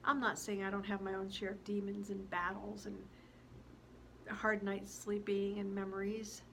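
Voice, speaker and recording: A woman's voice: mid-range voice, little pitch movement, normal speed, a bit bright, a little hiss or hum. Earnest woman in her sixties. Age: 60s. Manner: earnest, heartfelt, direct to viewers. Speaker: author and speaker. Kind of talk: motivational talk to camera.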